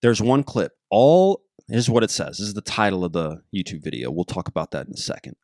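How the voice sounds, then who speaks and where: Low-voiced, rambling, jokey male podcast host. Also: a little fast, few pauses, dry recording, clean studio sound. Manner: excitable, jokey, easily sidetracked. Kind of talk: casual rambling podcast monologue.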